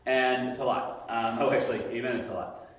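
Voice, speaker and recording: A man's voice: medium pitch, brisk, distant mic. Man preaching in an echoey hall. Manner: conversational and animated, acting out quotes with sound effects. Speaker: Sunday school teacher. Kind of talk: sermon-style story to a class. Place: church hall.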